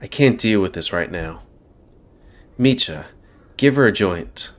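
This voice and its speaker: A man's voice: sits low, animated, unhurried. A man voicing a laid-back young male stoner animal in a visual novel, lackadaisical and casual. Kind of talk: reading a visual novel aloud.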